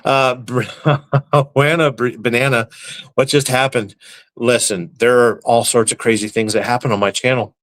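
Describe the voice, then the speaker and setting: A man hosting a live stream in a casual, deadpan way, reading chat comments aloud and firing back crude jokes with a straight face. His voice sits at an ordinary mid pitch for a man, and his banter stays loose and mock-serious. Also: normal speed. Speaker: livestream host reading chat.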